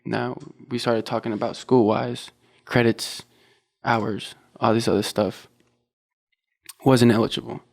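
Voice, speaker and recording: A young man, a college athlete guest on a podcast, tells his story in a relaxed way, quoting what he and others said. His mid-range voice is unhurried with vocal fry.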